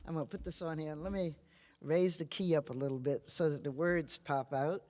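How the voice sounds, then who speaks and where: An older woman from Virginia, a blues singer and guitarist, talking between songs in a wry, plainspoken, low-key storytelling manner with dry humor. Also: steady tone, moderate pace, darkish tone. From Virginia, USA. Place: museum performance venue. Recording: reverberant live hall with guitar.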